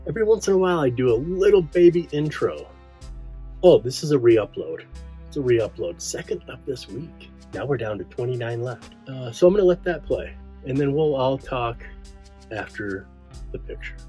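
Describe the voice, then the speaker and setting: A man's voice: mid-range voice, moderate pace, soft background music. Chatty man hosting a film show. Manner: chatty, rambling, animated. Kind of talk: casual film commentary.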